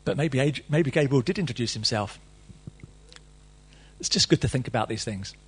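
Animated husky-voiced male preacher. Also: medium pitch, normal speed. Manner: reads scripture then riffs animatedly, playful asides. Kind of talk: sermon.

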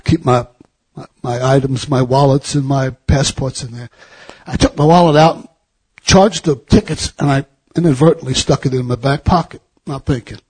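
Husky preacher telling a story. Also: male voice, mid-range voice, normal speed, a little mellow. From United States. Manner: anecdotal, rising to fervent exhortation. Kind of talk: storytelling sermon.

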